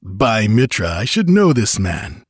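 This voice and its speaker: A man voicing a ruthless male outlaw chief who speaks calmly and commandingly, in a storybook reading. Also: fairly low pitch, unhurried, husky, no echo, clean studio sound, heavily acted. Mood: hard, commanding. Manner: imperturbable, commanding.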